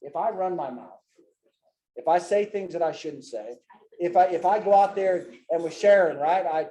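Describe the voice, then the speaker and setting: A man's voice: high-pitched, normal speed, dark tone, reverberant. A man teaching a Bible study class in a loose, folksy way, often tagging his sentences with "man" and "right?". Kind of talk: casual teaching with personal stories. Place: church classroom with a group.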